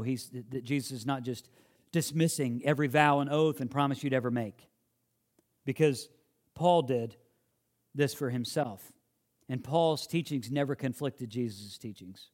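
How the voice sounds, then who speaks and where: A man's voice: medium pitch, darkish tone. A man preaching a sermon, earnest and emphatic, often restarting phrases as he quotes and explains scripture.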